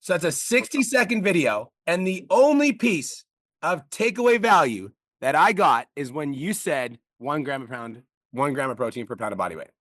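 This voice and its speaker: A man coaching on a call, blunt and profane, talking fast and pressing hard. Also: on the high side, sing-song, fairly bright tone, no room sound, studio quality. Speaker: business coach.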